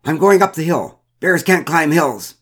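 A man voicing a bold young man who shouts excitedly while running off. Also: fairly high pitch, measured pace, husky, voice pushed up.

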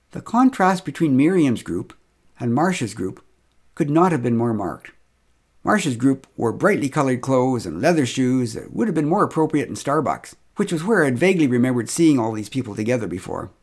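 A man's voice: medium pitch, sing-song, normal speed, husky. A middle-aged man telling a humorous first-person story with wry, dry humor.

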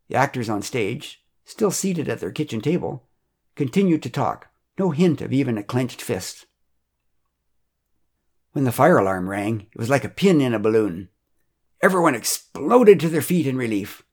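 A man narrating a first-person story from a script in a steady, measured, plainly spoken way. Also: medium pitch.

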